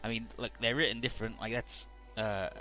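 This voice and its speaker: Rambling let's-play guy with a bright voice. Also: on the low side, steady tone, fairly quick, soft background music. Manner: rambling, casual, swears freely. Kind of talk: casual game commentary.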